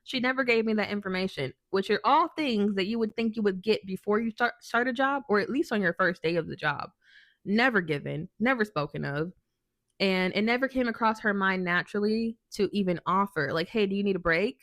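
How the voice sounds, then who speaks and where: A woman's voice: medium pitch, fairly quick, a bit bright, no echo, studio quality. A woman vlogger telling a work story in a chatty, sassy way, with many ums and restarts. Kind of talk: casual storytime.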